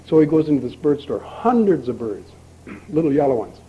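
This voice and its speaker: An older man speaking at a recovery meeting, telling a long folksy joke and acting out both characters with lively emphasis. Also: a little high, moderate pace, breathy edge. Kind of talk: storytelling talk at a recovery meeting. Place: meeting hall. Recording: dull lo-fi archival tape with faint hiss.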